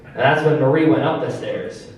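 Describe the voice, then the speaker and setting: A man doing stand-up comedy on a club stage, telling a story about his family with casual, deadpan asides. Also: medium pitch, moderate pace. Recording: echoey club from a distance. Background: audience laughter.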